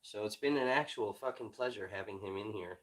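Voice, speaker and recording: A man originally from Illinois, hosting a livestream and ranting in frustration, heavy with profanity and swinging from low muttering to loud outbursts. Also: brisk, poor audio. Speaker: livestream host and independent journalist.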